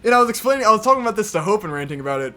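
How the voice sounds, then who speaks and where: A man's voice: high voice, very animated, racing, pushed and bright, soft background music. A young man co-hosting a podcast, telling a story in a casual, exasperated rant with heavy swearing. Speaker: podcast co-host.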